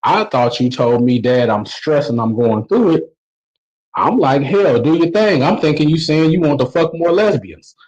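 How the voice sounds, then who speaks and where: Male stand-up, 40s, mid-pitched voice, loose slangy storyteller. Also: animated, moderate pace, darkish tone, muffled recording. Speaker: stand-up comedian. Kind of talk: stand-up routine told as a story.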